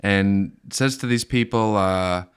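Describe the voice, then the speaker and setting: Playful laughing man, smooth voice. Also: fairly low pitch, takes it slowly. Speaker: podcast co-host. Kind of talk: casual chat.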